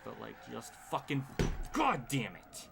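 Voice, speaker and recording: A man's voice: medium pitch, wildly swooping pitch, measured pace, loud music behind the voice. A man streaming a racing game live, commenting in an exasperated way, swearing often and laughing at himself. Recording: clear background noise.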